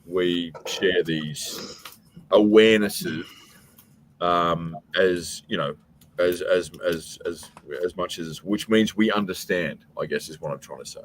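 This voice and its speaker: A man co-hosting a casual beer podcast, talking in halting, rambling runs and swearing freely. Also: deep voice, a little hiss or hum. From Australia. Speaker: podcast co-host. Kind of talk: casual chat.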